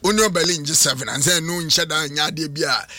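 A man with a Ghanaian accent arguing emphatically as a pundit in a studio sports debate, sometimes shouting. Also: a little high, fast, no echo. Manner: animated, emphatic, bursts into shouting.

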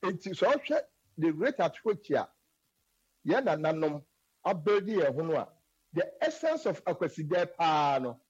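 A man's voice: on the high side, very animated, normal speed, husky. A man from Ghana with a Ghanaian accent, explaining culture in an earnest, emphatic way that slips often into English. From Ghana, Asante. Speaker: guest speaking on Asante culture. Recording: dull lo-fi sound.

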